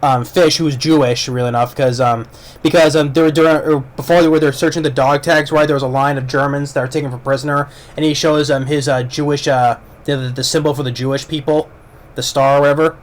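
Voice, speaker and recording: A man's voice: fairly high pitch, fairly even intonation, brisk. A man giving a casual, rambling movie review, retelling the plot with lots of fillers and restarts.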